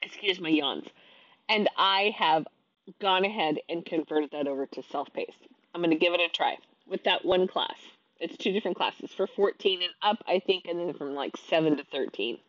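A woman's voice: lowish voice, moderate pace, a bit bright, no echo, lo-fi sound. A woman in her thirties, an online teacher, venting her frustration in a casual talk to camera, often restarting her sentences.

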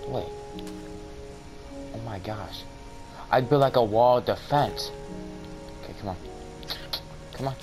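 Young man, casual game commentary, excitable, unhurried, cheap noisy mic, faint background music. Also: mid-range voice. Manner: excitable, swings from mumbling to yelling. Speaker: gamer. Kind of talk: casual let's-play commentary. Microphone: cheap mic with white noise.

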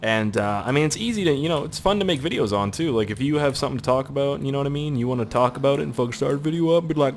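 Talking very fast with hardly any pauses, a young Canadian gaming video host from Nova Scotia rambles crudely over his game and swears often. His mid-range voice carries an irritated throat, he mimics quoted people in silly voices, and there's a little hiss or hum.

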